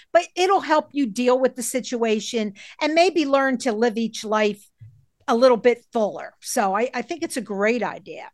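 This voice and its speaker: A woman's voice: high-pitched, dry recording, studio quality. A woman hosting a podcast interview, speaking in an encouraging, reflective way. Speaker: podcast host. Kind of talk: interview conversation.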